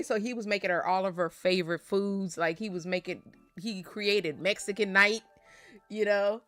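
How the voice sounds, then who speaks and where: A woman's voice: medium pitch, fairly even intonation, normal speed, a bit bright, no room sound, soft background music. A young adult woman vlogger chatting casually and laughing often while opening card packs.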